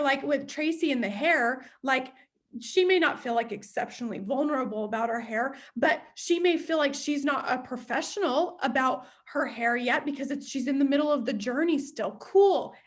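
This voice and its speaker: In a high voice at normal speed, the young woman leading this sales team meeting delivers motivational talk that's open, emotional and chatty, complete with acted-out inner voices.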